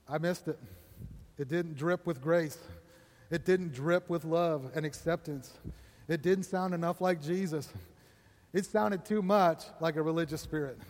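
A man with a fairly high voice preaches to his congregation, conversational and personal. He keeps asking "right?" and chuckles between points. The sound carries a long reverb from the church hall. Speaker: pastor. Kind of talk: sermon.

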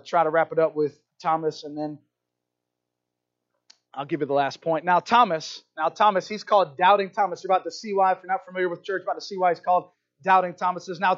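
Pastor, male, high voice, lively and joking, preaching in church, dull lo-fi recording. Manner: animated, playful asides, keeps asking "right?". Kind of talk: sermon. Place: church hall.

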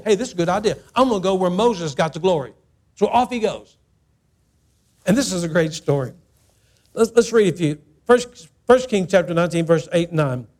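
A man's voice: sits high, a little mellow. A middle-aged male pastor preaching a sermon in church, emphatic and repetitive, acting out the quotes as he speaks. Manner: emphatic, repeats phrases, acts out quotes.

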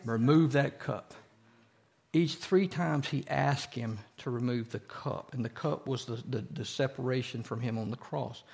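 A man's voice: mid-range voice, measured pace, gravelly, a little mellow. Guy leading bible study, quizzing the group, repeats stuff. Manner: asks the group questions and repeats key phrases. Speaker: teacher leading a church study. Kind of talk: interactive Bible study teaching.

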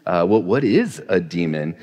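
A man's voice: sing-song, a little mellow. A man voicing a curious small child who fires off one wondering question after another, in a church hall. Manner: high, wondering, quick questions. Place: church sanctuary. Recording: long hall reverb.

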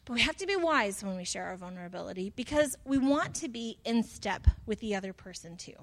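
A woman's voice: medium pitch, lively intonation, brisk. A woman in her thirties, a pastor giving a casual, chatty sermon with lots of fillers and self-deprecating asides.

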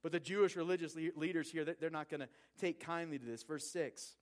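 A man's voice: fairly high pitch, fairly even intonation, quick pace, few pauses. A man preaching a sermon and reading scripture aloud. He talks in a conversational way, asks his listeners questions and sometimes repeats words. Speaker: pastor.

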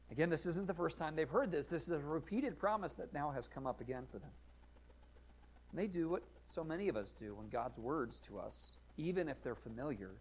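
Guy pastor giving a sermon, kinda high voice, earnest, lots of questions. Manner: earnest, questioning, varies loudness for emphasis.

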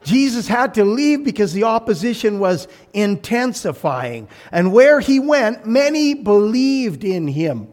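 A man preaching a sermon as pastor, animated, acting out voices and shouting for emphasis. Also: high voice, measured pace, few pauses.

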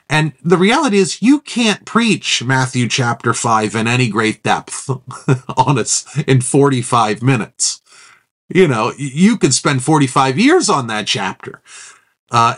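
Middle-aged male pastor, sermon teaching, mid-pitched, conversational with hesitations. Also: fairly bright tone. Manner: thinking aloud with fillers and restarts, reads Scripture aloud.

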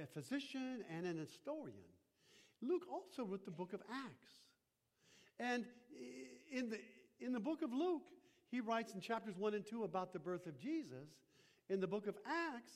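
A male pastor preaching a sermon, halting with many fillers and calling out for an amen. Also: high voice. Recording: long reverb of a large hall.

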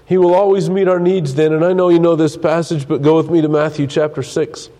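A man preaches a sermon in a mellow, slightly high voice. He talks earnestly, with many restarts, and stops to read scripture aloud. His voice is wearing thin. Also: level tone, a little fast. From United States. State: losing his voice. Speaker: pastor.

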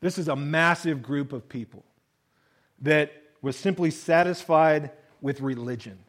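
A male pastor giving a sermon in a conversational way, reading verses and then explaining them, often dropping low and soft on key phrases. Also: measured pace, poor audio. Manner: conversational preaching, reads scripture then explains with acted-out voices.

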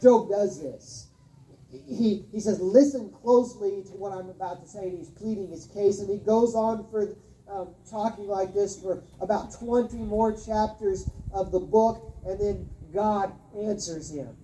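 A woman pastor giving a sermon, earnest and emphatic, often repeating words and pausing. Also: medium pitch, warm tone, recorded from a distance. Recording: roomy sound from off-mic.

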